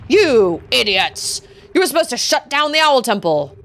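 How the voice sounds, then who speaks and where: A woman's voice: fairly high pitch, big pitch swings, normal speed, fairly bright tone, pitched above the performer's own voice. A woman voicing a stern, scornful old male owl mentor in a video game, in a cold, scolding, stiff put-on British tone.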